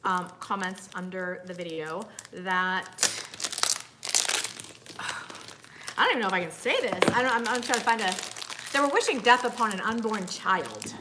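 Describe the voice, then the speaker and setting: A woman's voice: mid-range voice, moderate pace, pauses often, heavy background noise. A woman hosting a casual beauty livestream, greeting viewers by name and speaking in an earnest, frustrated way. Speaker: beauty YouTuber livestream host.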